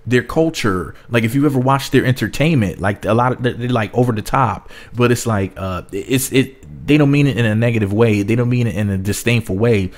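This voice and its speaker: Low-voiced man ranting casually. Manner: rambling, repeats words, drops into mocking voices. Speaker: vlogger. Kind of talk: casual commentary.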